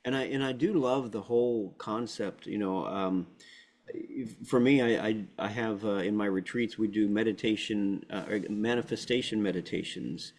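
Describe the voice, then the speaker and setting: Male host, slightly low voice, affirming and earnest, explains spiritual ideas. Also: normal speed, a little mellow. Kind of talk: spiritual talk-show chat.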